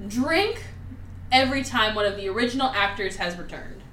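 A woman hosting a podcast in casual chat, talking in an animated, profane, ranting way. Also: medium pitch, moderate pace, distant mic, a little hiss or hum. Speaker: podcast host. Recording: roomy, off-mic.

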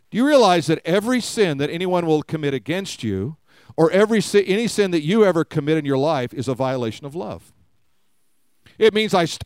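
A man's voice: fairly high pitch, darkish tone, smooth, no echo. A man preaching a conversational sermon to a live congregation, often asking them questions. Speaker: pastor. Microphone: live-streamed service mic.

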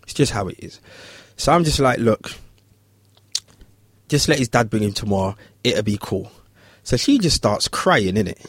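Man telling an animated story. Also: moderate pace, pauses often, breathy edge, no echo. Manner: animated, acts out voices in high pitch. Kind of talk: casual storytelling chat.

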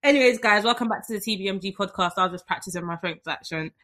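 A woman's voice: mid-range voice, quick pace, pushed and bright. A young woman hosting a podcast, chatting in a bubbly, teasing, playful way. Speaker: podcast host. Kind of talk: casual chat.

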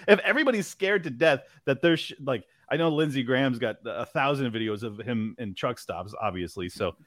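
A man hosting a podcast, talking in loose, animated casual chat, swearing and laughing often. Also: medium pitch, fairly quick, dry recording, studio quality. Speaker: podcast host.

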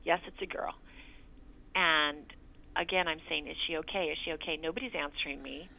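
A woman's voice: low-pitched, steady tone, fairly quick, gravelly, phone-quality sound. A middle-aged woman, a mother, telling her grown child a personal story in an earnest way and acting out the quoted dialogue. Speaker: mother recounting a birth story.

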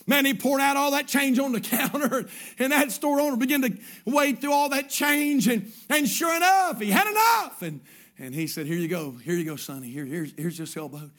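A pastor preaching a sermon as a story, repeating his phrases and swinging from hushed lines to shouts. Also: extremely high pitch, normal speed.

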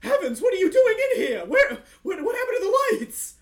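A man voicing a meek male office boss, flustered at first and dazed under hypnosis. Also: a little slow. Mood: startled. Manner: shrill and flustered, then dazed and monotone. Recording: roomy echo.

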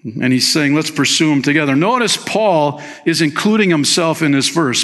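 A man preaching a sermon as pastor, energetic, swinging between loud emphasis and quiet appeals, with rhetorical questions to the congregation. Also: a little high, moderate pace.

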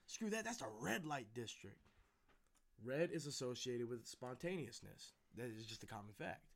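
A man's voice: mid-range voice, lively intonation, normal speed, creaky. A young man chatting casually as a podcast co-host, rambling and swearing freely. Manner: rambling, profane, laid-back. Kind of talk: casual chat.

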